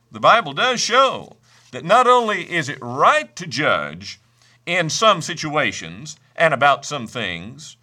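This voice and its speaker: A man preaching a sermon, emphatic, slowing down to stress each scripture quote he reads. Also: on the high side, bright, forceful tone. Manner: reads scripture in old-fashioned wording.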